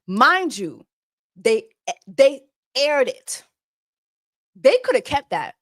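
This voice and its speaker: A woman's voice: sits high, sing-song, takes it slowly, fairly bright tone, dry recording, clean studio sound. A woman hosting a reaction commentary, talking emphatically and repeating phrases to drive her point home. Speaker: host.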